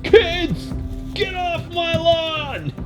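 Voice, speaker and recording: A man playing a shrill cranky old monster. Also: expressive, drawn-out words, soft background music, full character voice. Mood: cranky shouting. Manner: shouting, cranky. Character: grumpy toothless old male monster yelling at kids.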